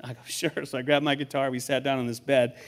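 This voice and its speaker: A man's voice: mid-range voice, flat delivery, fast. An older man, a guest pastor, preaching to a church congregation in a conversational, storytelling way, often repeating words as he starts a thought. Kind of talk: sermon.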